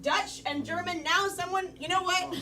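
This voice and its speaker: A woman hosting a live improv comedy show, upbeat and laughing, quick to cut players off. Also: very high-pitched, steady tone, heavy background noise. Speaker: improv host. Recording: live stage mic with a loud crowd.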